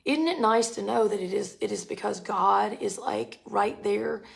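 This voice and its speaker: A woman in her forties giving a casual spiritual talk in a slangy, animated way, often laughing. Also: medium pitch, normal speed, gravelly. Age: 40s. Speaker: spiritual speaker.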